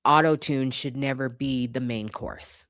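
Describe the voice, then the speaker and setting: A woman's voice: a bass voice, unhurried, a bit bright, no echo, studio quality. A woman commentator in a casual opinion rant, blunt and profane, hammering her points by repeating them. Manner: emphatic, repeats points for force.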